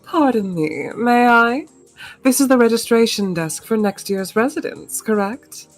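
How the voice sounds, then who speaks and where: A woman's voice: fairly high pitch, unhurried, lightly acted. A woman voicing a pompous rich young noblewoman, haughty and formal, reading a visual novel aloud over faint game music. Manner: haughty, formal and overly polite.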